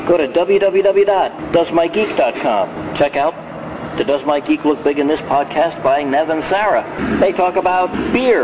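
A man hosting a podcast in a chatty, self-deprecating, rambling way, recorded outdoors. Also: on the high side. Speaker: podcast host. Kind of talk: casual rambling monologue. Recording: dull lo-fi sound with street noise.

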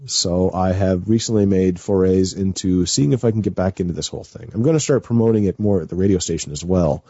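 A man's voice: deep voice, brisk, dark tone, breathy edge, no echo, muffled recording. A man chatting as a guest on a radio show, nervous and rambling with many fillers and restarts. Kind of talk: casual chat.

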